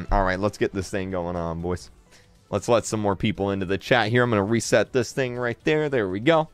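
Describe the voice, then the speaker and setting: A man's voice: on the low side, fairly quick, clear, resonant tone, no echo, soft background music. A man streaming live and reading his chat aloud. He is exasperated, repeats himself, stammers and breaks into laughs. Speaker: livestreamer. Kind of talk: livestream chat commentary.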